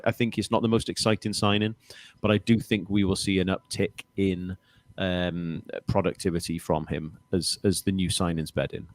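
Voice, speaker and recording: Deep-voiced man, dry close sound. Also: dry recording. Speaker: podcast co-host. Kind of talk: casual football podcast chat.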